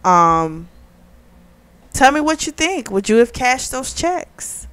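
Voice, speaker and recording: A woman's voice: on the high side, big pitch swings, slow pace, a bit bright, smooth, no room sound. A woman hosting a casual book review, retelling the plot in a chatty way with lots of "like" and "you know.".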